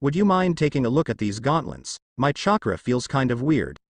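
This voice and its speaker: A fierce young male ninja who is itching for a fight, as a man reading a fan story puts him on, with a rough, growling edge. The voice sits a bit higher than the reader's own. The recording is dry and close. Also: big pitch swings, normal speed, no room sound.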